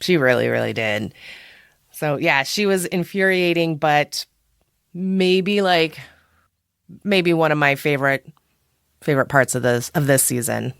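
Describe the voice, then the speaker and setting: Low-voiced woman chatting on a podcast, super animated, voice jumps all over, dry mic. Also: unhurried, creaky, long pauses, clean tone, no echo. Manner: expressive, animated, laughs easily. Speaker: podcast co-host. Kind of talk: casual chat.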